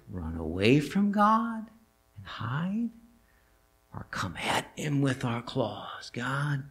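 A man preaches in a church with a mid-range voice and a rough, gravelly grain. He tells the story vividly and keeps turning to the congregation with questions. His delivery is that of a sermon. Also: medium pitch. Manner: animated storytelling with rhetorical questions. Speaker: pastor. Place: church sanctuary.

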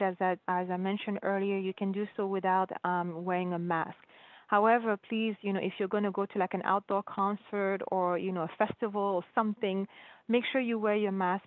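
A woman physician answering community questions on a virtual town hall, explaining patiently with frequent restarts. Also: mid-range voice. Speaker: guest physician. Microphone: video call. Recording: dry phone-like audio.

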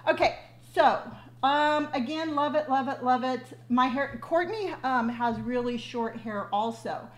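Fifty-something lady live streaming, high voice, gushy and chatty, lots of ums, just the built-in mic. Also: a little slow. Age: 50s. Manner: chatty and effusive, many ums and restarts. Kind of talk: casual live stream chat reading viewer comments. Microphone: device's built-in mic, no external microphone.

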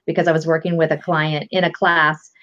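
Woman coach, low register, patient instructor, muffled lo-fi audio. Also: brisk. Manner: calm, patient, explains step by step. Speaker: guest EFT coach. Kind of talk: instructional explanation. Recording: lo-fi dull audio.

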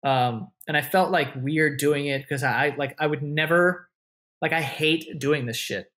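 A man's voice: fairly high pitch, unhurried, a bit bright. A man, telling stories as a podcast guest in a loose, rambling way full of swearing and restarts. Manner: loose, swearing often, many likes and restarts. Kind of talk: casual interview storytelling.

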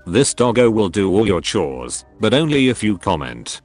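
Low, animated male voice-over reading meme captions briskly over clear music. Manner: brisk caption-by-caption reading, quick jumps between jokes. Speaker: meme compilation narrator.

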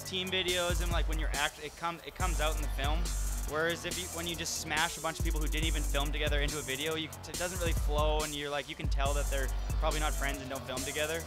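A young man with a fairly high voice, talking fast. His answers ramble in an earnest way. Music plays clearly in the background. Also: little pitch movement. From Canada. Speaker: snowboarder, award winner. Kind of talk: casual interview answers.

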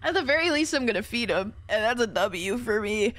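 A woman's voice: on the high side, lively intonation, a little fast, fairly bright tone, a little hiss or hum. A young woman streaming a horror game, jumpy and foul-mouthed, who often breaks into shrieking laughter. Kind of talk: live horror gameplay commentary.

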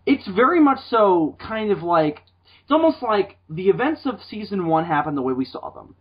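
A man co-hosting a podcast in casual chat, rambling and animated, restarting his sentences often. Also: sits high, normal speed, slightly rough. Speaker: podcast co-host. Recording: dull lo-fi sound.

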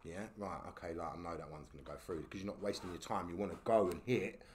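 A man, a podcast guest telling stories in casual talk, animated and full of slang and tag questions. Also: sits low, fast, slight background noise. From England. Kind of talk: casual storytelling.

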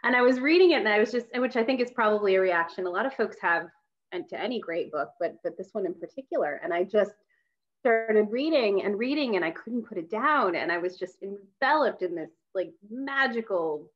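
A woman's voice: medium pitch, expressive, fairly quick, lo-fi sound. A woman interviewer talking casually and enthusiastically, with lots of fillers and restarts, over a video call. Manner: rambling, many fillers, enthusiastic. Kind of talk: casual conversation.

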